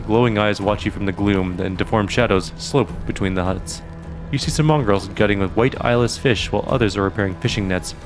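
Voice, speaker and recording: Man, let's play host, low voice, casual, thinking out loud, faint music behind. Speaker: gaming channel host. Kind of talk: let's play commentary and reading game text.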